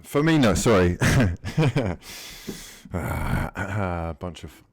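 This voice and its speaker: A man giving live fan commentary while watching a match, swinging between mutters, swearing and shouts at the players. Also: deep voice, very animated, drawn-out words, husky. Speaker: fan channel host.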